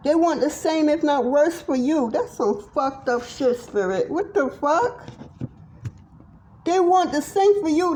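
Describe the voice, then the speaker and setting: A woman's voice: high-pitched, expressive, a little slow, a little mellow, slight background noise. A middle-aged woman giving a tarot reading monologue to viewers, blunt, profane and impassioned. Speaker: tarot reader.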